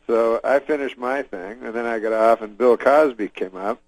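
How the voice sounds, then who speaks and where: Deadpan man rambling through a story. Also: medium pitch, moderate pace, no room sound, rough recording. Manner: deadpan storyteller, many fillers and restarts, laughs to himself. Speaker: guest. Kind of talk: rambling anecdote.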